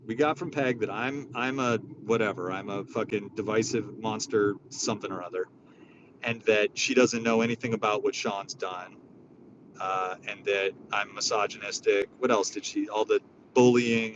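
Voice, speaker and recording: A man's voice: on the low side, fairly even intonation, normal speed, dull audio. A man hosting an online audio room, ranting in a profane, rambling, exasperated way. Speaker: host of a social audio room. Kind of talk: casual ranting chat. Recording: faint background noise.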